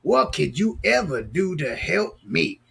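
A man's voice: a little high, sing-song, unhurried, creaky, fairly bright tone, husky, heavily acted. A man voicing a big, boastful male lion king who scoffs at a tiny mouse. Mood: scornful. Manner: boastful, scornful.

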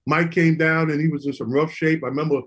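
A man's voice: a little high, steady tone, fast talker, slightly rough. A middle-aged man, a former basketball player, telling stories casually and with animation about his recovery program. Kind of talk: casual storytelling.

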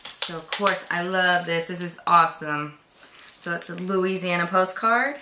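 A woman's voice: lowish voice, unhurried, bright, forceful tone, echoey room. A woman chatting casually as she unboxes a gift box, gushing and gasping, sometimes dropping to a whisper. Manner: gushing, gasps often, drops to whispers. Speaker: vlogger unboxing a swap box.

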